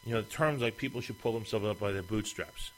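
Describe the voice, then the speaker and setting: A man's voice: fairly low pitch, fast, a little hiss or hum, low-quality recording. A man hosting an opinion monologue, speaking emphatically and firing off rhetorical questions.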